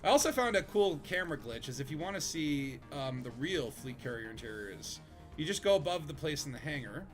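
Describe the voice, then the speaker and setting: A man's voice: a little high, big pitch swings, brisk, soft background music. A man streaming a space game from his home desk, chatting casually with friends, rambling and joking with lots of fillers. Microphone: desk microphone.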